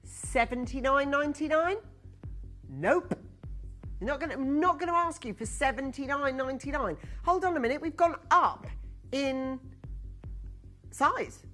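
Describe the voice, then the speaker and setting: A woman's voice: sits high, lively intonation, a little slow, long pauses, bright, forceful tone, faint music behind. A woman presenting a live TV shopping show, chatty, upbeat and coaxing as she sells to callers. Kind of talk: live TV sales pitch. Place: TV studio.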